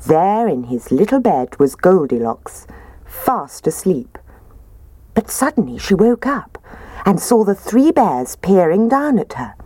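A woman reading a children's storybook aloud in a gentle, expressive way. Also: mid-range voice, unhurried, husky, no echo.

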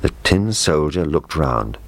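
A man reads a children's story aloud, gentle and expressive. His voice is very deep but moves lively up and down. The recording is dry and close. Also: unhurried, no room sound.

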